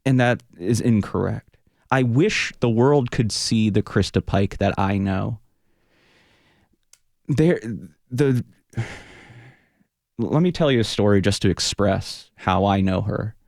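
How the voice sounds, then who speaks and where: A man's voice: fairly low pitch, slow pace, creaky, long pauses, a little mellow, dry recording. A man who is a Buddhist teacher and punk rock frontman, talking earnestly in a radio studio interview, often restarting and trailing off as he searches for words. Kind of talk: reflective radio interview conversation.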